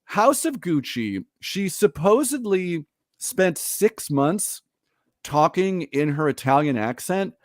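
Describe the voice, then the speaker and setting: A man's voice: fairly high pitch, big pitch swings, takes it slowly, no echo, studio quality. A man co-hosting a podcast, chatting casually and animatedly, often laughing and reading quotes aloud. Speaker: podcast co-host. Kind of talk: casual chat.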